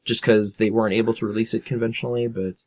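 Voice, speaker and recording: Man, lowish voice, casual podcast chat, wry, rambling, hedging. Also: little pitch movement, quick pace, a little mellow, no echo. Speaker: podcast co-host.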